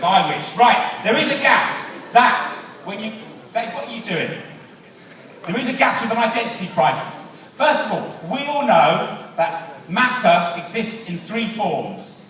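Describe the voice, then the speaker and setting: A man's voice: sits high, fairly bright tone. An English man presenting a live science show on stage, playful and teasing with a theatrical flair, on a handheld mic. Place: large hall stage before an audience. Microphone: handheld microphone. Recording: echoey hall from far off, crowd. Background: audience murmur.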